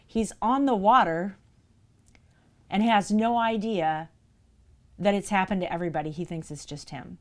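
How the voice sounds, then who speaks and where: A woman live streamer in casual chat, telling a story with animation and speaking straight to her viewers. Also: lowish voice.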